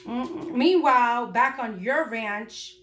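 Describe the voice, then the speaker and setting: A woman doing a casual tarot reading for her viewers, blunt, profane and animated. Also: fairly high pitch, slow pace, slight background noise. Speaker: tarot reader. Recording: echoey room.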